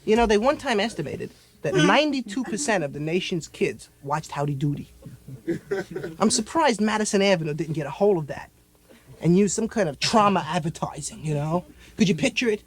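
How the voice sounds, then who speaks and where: This is a young male comedian performing live. His delivery is animated and full of mock shouting, with a very high voice. A loud audience fills the room. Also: fairly quick, crowd noise. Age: 20s. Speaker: stand-up comedian.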